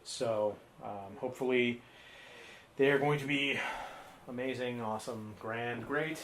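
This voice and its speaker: A man co-hosts a live podcast stream, filling time with rambling, casual chat and poking fun at himself. His mid-range voice is a bit bright and keeps a measured pace.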